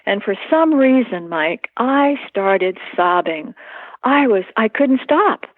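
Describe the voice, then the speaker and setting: A woman being interviewed, recalling personal events in a halting, earnest way with many fillers. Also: a little high, animated, dry recording. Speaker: interview guest. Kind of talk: emotional personal recollection. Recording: tinny phone line.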